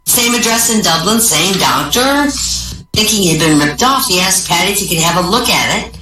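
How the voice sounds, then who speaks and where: A woman telling a string of Irish pub jokes, jumping up in pitch for each quoted character. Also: expressive, normal speed, sharp tone. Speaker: stand-up comic. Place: small comedy venue. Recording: echoey room from far off, faint music.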